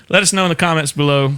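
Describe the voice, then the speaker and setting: A man's voice: fairly high pitch, fairly bright tone, clear, resonant tone. A man from Florida with a Southern accent, hosting a casual show and answering viewer questions in a rambling, chatty way. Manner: rambling, chatty, laughs often. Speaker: show host.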